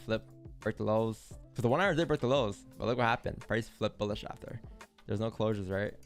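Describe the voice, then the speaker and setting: A man's voice: fairly low pitch, a little fast, faint music behind. A young man hosting a live trading stream, talking loosely and repeating himself as he walks through charts. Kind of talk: casual live-stream commentary.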